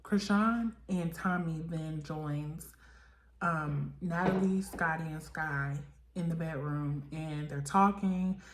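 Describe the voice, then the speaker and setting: A woman's voice: low-pitched, takes it slowly, noisy background. A young woman giving a casual reality-show recap, chatty and full of fillers, acting out the cast's lines as she goes. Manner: chatty, filler-heavy, voices the cast in quotes. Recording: echoey room.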